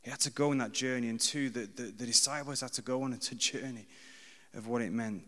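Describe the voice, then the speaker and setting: A man's voice: mid-range voice, fairly even intonation, fairly quick, pushed and bright, long reverb tail. A man in his thirties preaching a sermon in a conversational, self-deprecating way, repeating key phrases for emphasis.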